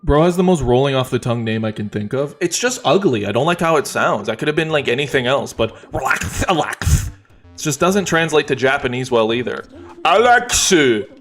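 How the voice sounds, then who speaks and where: A man streaming a game, talking in a relaxed, wry, joking way as he plays. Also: medium pitch, brisk. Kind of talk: casual gameplay commentary.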